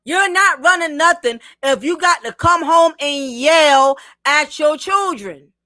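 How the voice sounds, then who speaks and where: A woman with a high, bright voice delivers emphatic, preachy commentary and speaks straight to her viewers. The recording is close and dry, with no room sound. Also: slow pace, no room sound. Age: adult, married. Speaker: livestream host.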